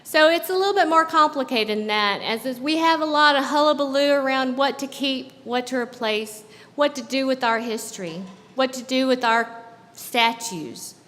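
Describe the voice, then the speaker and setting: Woman from the south, high voice, chatty stage talk w/ lots of "right?", live venue echo hanging in the room. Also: fairly bright tone. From American South. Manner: conversational, asks the audience with tag questions. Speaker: guest speaker. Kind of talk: personal storytelling talk on stage. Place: live show at a club venue.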